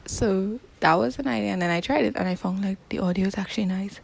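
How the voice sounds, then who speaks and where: A young woman talks through a solo podcast, recorded on a phone tucked in a sock. Her middle-pitched voice carries a slight gravelly fry. She rambles and teases herself, and she slips into whispers for her asides. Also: quick pace. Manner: chatty, self-deprecating, drops into whispers for asides. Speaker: podcast host. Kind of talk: casual rambling monologue.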